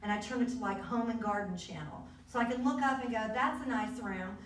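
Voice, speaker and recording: A woman's voice: a little high, quick pace, recorded from a distance, a little hiss or hum. A woman with a Southern US accent, an author talking casually and folksily to a party crowd. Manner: chatty, folksy, rambling. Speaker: author at her book release. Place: arts center event room. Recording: echoey room recorded from afar.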